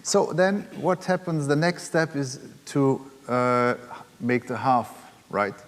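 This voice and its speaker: A man's voice: mid-range voice, animated, takes it slowly. A man leading a music workshop, explaining rhythm hesitantly with many fillers. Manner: hesitant, many fillers, counting beats and chanting drum syllables aloud. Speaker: workshop leader and percussionist. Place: large hall at a music academy. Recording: long hall reverb with drumming.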